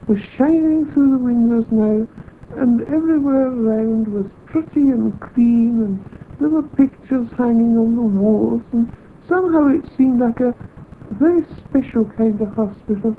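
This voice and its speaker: A woman's voice: fairly high pitch, slight background noise. Woman recounting a story on a tinny tape. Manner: unhurried storytelling, acts out remembered dialogue. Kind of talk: recounting a personal experience. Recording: tinny phone-like old tape.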